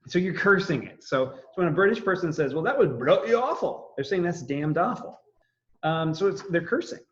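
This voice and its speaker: A man's voice: on the high side, fairly quick, lo-fi sound. A man giving a casual history lecture, rambling with many fillers and restarts. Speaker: history teacher.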